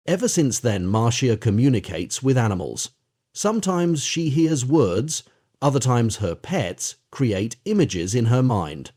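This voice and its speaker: A man narrating an audiobook in a gentle, measured reading style. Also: medium pitch, sing-song. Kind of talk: audiobook narration of an interview account.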